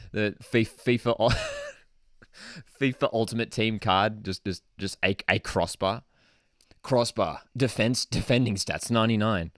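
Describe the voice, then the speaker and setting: A young Australian man hosting a live football watchalong, excitable and prone to saying "dude", swinging between shouting and muttering. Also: on the low side, no echo, studio quality. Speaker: football channel host. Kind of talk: live match watchalong commentary.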